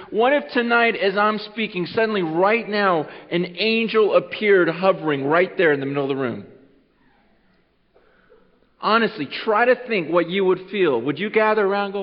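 Man, high voice, earnest preacher, stumbles over repeated words, long reverb, muffled sound. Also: moderate pace. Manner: earnest, repeats words, swings from loud urging to hushed. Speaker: pastor. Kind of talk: Christmas Eve sermon.

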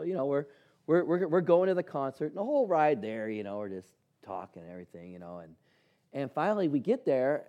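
A man preaching a sermon, telling personal stories and acting out the dialogue in them. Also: a little high. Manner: animated storyteller acting out dialogue. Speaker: pastor.

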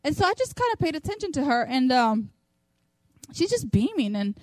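A woman's voice: sits high, sing-song, moderate pace, darkish tone, no room sound. A woman giving a sermon to other women, chatty and storytelling, acting out little quotes. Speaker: women's ministry speaker.

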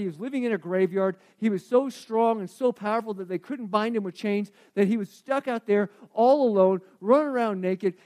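High-voiced man preaching a sermon. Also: darkish tone.

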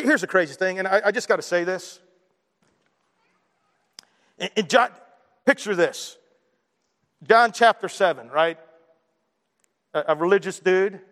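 A man's voice: high voice, fairly bright tone. A man preaching a sermon as pastor, impassioned and repeating himself with stammered emphasis. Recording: long hall reverb.

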